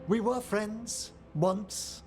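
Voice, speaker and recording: An actor playing a refined, courteous older scholar of death magic in video game dialogue, speaking in a formal, measured and wistful way. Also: male voice, sits high, soft background music.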